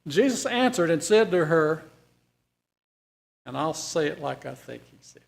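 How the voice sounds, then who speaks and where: A man's voice: on the high side, very animated, measured pace, creaky, pauses often. Man teaching a Bible study. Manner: conversational, asks the class questions, folksy.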